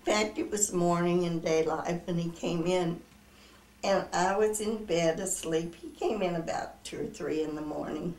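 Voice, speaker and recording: Older woman, lowish voice, chatty storyteller, recorded from across an echoey room. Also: moderate pace, far from the mic. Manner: lively, laughing storyteller. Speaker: interviewee. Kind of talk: storytelling in a family interview.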